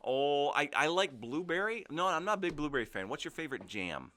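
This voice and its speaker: A man's voice: on the high side, sing-song, fairly quick, sharp tone. A middle-aged man co-hosting a podcast, chatting casually, joking and laughing often as he drifts between topics. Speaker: podcast co-host. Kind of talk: casual chat.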